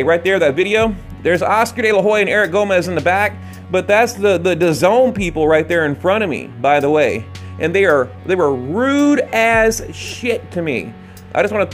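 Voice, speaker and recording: Male boxing vlogger, high voice, rambling late-night rant with restarts. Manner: rambling, rants with frequent restarts. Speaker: boxing channel host. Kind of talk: casual ranting commentary. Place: late-night home recording.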